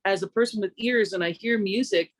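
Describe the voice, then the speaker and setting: A woman singer from Canada talking through her craft in a relaxed radio interview, reflective and conversational, lifting her pitch when she quotes herself. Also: fairly quick, no room sound. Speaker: singer and vocal coach, interview guest.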